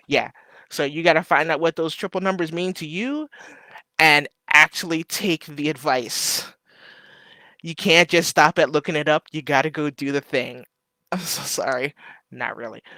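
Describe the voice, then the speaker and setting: A man hosting a livestream, chatting warmly and rambling through viewer comments, emotional and close to tears. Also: on the high side, normal speed, no echo. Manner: warm, chatty, emotional, fighting back tears; loose and rambling with many fillers. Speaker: livestream host. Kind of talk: casual live chat, reading viewer comments.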